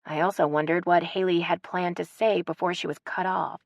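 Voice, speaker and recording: A woman narrating a romance audiobook in an even, storytelling manner on a close studio mic. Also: fairly low pitch, moderate pace, vocal fry, no room sound. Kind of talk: scripted narration.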